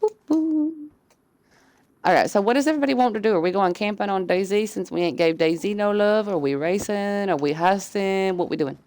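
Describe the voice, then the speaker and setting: A woman's voice: medium pitch, fast, hardly any pauses, darkish tone, no echo. A woman, casually explaining things to her crew on a live game stream, drawling with lots of fillers. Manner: laid-back, drawling, many fillers.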